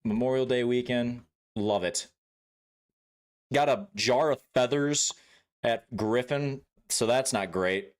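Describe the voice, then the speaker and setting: A man's voice: medium pitch, slow pace, pauses often. A man casually chatting with viewers during a gameplay livestream, swearing freely, laughing and greeting chat by name.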